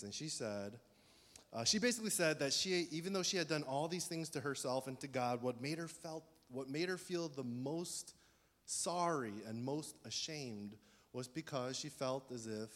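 A middle-aged male pastor preaches in a relaxed, conversational way, telling stories and leaning hard on key words. His voice sits at an ordinary pitch. The sound carries a long reverb from the hall around him. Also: moderate pace. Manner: conversational, storytelling, animated emphasis. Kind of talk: sermon.

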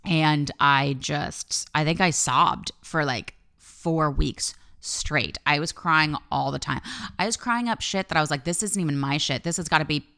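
A woman life coach and podcast host telling a personal story in a candid monologue, swearing freely and talking with lively energy. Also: deep voice, unhurried, smooth.

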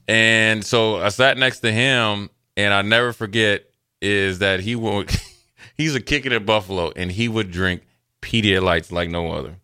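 A man co-hosting a sports talk show, telling stories from his playing days in a loose, animated way and acting out what others said. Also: on the low side, measured pace, clean tone. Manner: animated storyteller, acts out quotes, loose and chatty. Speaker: sports radio co-host, former NFL player. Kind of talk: casual sports talk storytelling.

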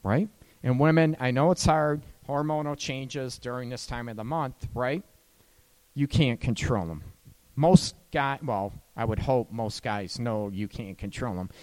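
Unhurried and a little mellow in a mid-range voice, a man talks listeners through relationship matters in an easygoing way. He's chatty, peppers his talk with "right?", and laughs at his own points.

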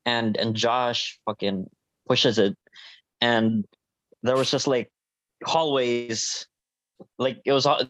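A young man telling a story in a casual chat with friends, animated and swearing, acting out what people said. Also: medium pitch, takes it slowly, pauses often, dry recording. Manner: animated, swearing, acts out quotes. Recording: dull, dry lo-fi sound.

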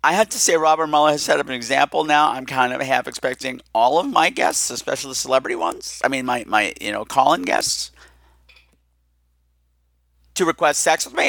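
A man's voice: on the high side, bright, forceful tone, dry recording. A man hosting his podcast in an effusive, campy, rambling way. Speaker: podcast host. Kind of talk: casual chat.

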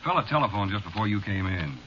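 A sly, needling bartender. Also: male voice, on the low side, expressive, fast, fairly bright tone. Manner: drawling, slangy, needling. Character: teasing, sinister male bartender. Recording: dull, faintly hissy old radio recording.

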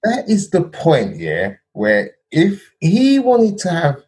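A man's voice: fairly high pitch, huge pitch swings, takes it slowly, a little mellow. A man, co-hosting a casual podcast and telling a football story, checking in with "yeah?" and "bro". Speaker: podcast co-host. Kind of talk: casual chat.

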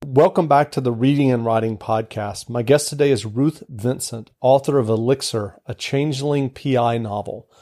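A man hosting a podcast, introducing his guest and asking questions in a plain, measured way. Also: mid-range voice, dark tone. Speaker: podcast host. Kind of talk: scripted podcast interview.

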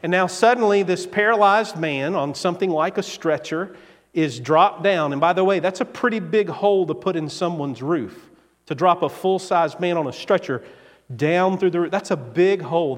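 A man preaching a sermon as pastor, slow and deliberate with dramatic pauses. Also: on the high side. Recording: long hall reverb.

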